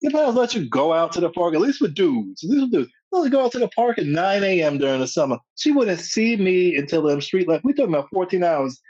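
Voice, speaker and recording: The podcast guest, a comedian, talks fast in a high voice with almost no pauses; the audio is dry with the highs cut off. He spins lively stories in casual chat, voicing quotes in street slang.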